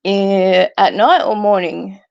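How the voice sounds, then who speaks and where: A woman's voice: medium pitch, steady tone, takes it slowly, dry recording, dull audio. A woman with a cold chatting with a friend on a video call, easygoing and laughing often. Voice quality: rough, gravelly voice. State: sick with a cold. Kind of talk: casual chat.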